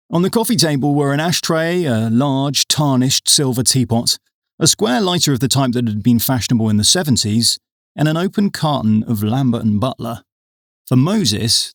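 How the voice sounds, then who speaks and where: A man reading a comic audiobook with wry, deadpan storytelling. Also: medium pitch, no echo, clean studio sound. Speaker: audiobook narrator.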